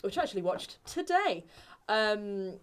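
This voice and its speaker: A woman's voice: mid-range voice, sing-song, a little slow, clear, resonant tone. A woman with an English accent chatting casually and rambling through her tabletop game character. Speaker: player.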